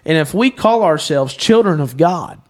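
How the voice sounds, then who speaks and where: A man's voice: fairly high pitch, animated, moderate pace. A man hosting a faith talk show, speaking in an emphatic, preacherly way.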